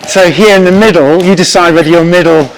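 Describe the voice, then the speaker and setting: High-voiced man leading a drum workshop. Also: fast talker, creaky, slight background noise, rough recording. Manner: encouraging, vocalizing drum rhythms. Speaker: music workshop leader. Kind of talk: leading a live rhythm workshop. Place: lecture hall with a live audience.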